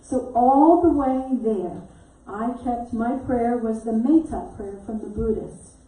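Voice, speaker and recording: Warm-toned woman minister in an echoey hall. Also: on the high side, slow pace. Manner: animated storyteller who acts out quotes and laughs often. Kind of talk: storytelling sermon. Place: church sanctuary. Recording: echoey hall mic from a distance.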